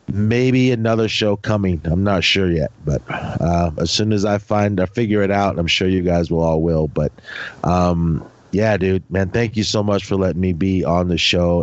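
A man who is a guest on a podcast, stuffy and slightly hoarse, chatting casually and rambling with lots of fillers. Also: sits low, darkish tone, no room sound, lo-fi sound. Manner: rambling, with many fillers and restarts. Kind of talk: casual chat.

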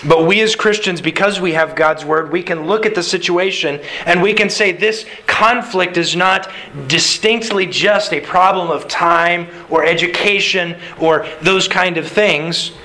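A man preaching a sermon in a conversational, animated way, acting out quoted lines. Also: high-pitched, measured pace, low-quality recording. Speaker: pastor.

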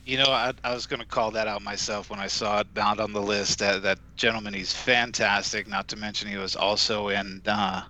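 A man with a low voice and a very bright, sharp tone chats about movies on a podcast. He hesitates a lot and repeats his first words before he gets going. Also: steady tone, fairly quick, few pauses, a little hiss or hum, low-quality recording. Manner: hesitant, stammers and restarts. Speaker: podcast co-host. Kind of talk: casual movie podcast chat.

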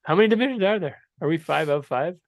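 A man hosting a podcast in casual chat, playful and teasing, quick to laugh. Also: a little high, lively intonation, no echo. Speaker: podcast host. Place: podcast studio.

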